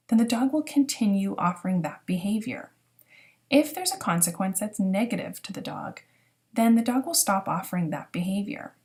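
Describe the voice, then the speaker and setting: A woman giving a recorded lesson as a dog training instructor, explaining step by step in a clear, teaching manner. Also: mid-range voice, warm tone. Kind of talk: recorded lecture narration.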